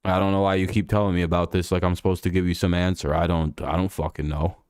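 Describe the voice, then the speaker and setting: Low-voiced streamer ranting, crisp dry sound. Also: male voice, little pitch movement, quick pace, a little mellow, no room sound. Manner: irritated ranting, swears a lot. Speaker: live stream host. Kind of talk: casual live-stream chat over a football game.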